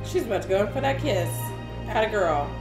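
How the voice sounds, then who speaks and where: A woman hosting a reaction video in casual chat, loud and excitable, swearing often. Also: medium pitch, brisk, music in the background. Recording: echoey room with show audio behind.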